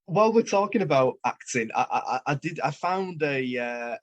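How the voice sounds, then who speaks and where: A man's voice: fairly high pitch, lively intonation, moderate pace, no echo, highs cut off. A man from England, hosting an interview. He stammers often and thanks his guest effusively. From northern England. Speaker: podcast host. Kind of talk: casual interview chat.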